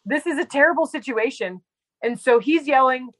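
A woman's voice: high-pitched, animated, moderate pace, no echo, low-quality recording. A woman guest telling a personal story in casual conversation, chatty and full of "like" and fillers. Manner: chatty, heavy use of "like" and fillers. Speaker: podcast guest; medical provider.

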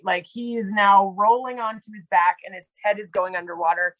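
A woman's voice: mid-range voice, fairly bright tone, dry recording, low-quality recording. Chatty woman telling a story. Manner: chatty, heavy use of "like" and fillers. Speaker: podcast guest; medical provider. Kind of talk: casual storytelling.

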